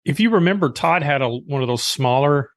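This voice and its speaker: A man's voice: medium pitch, expressive, brisk, dry recording, clean studio sound. A man co-hosting a casual podcast, explaining things matter-of-factly. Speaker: podcast co-host.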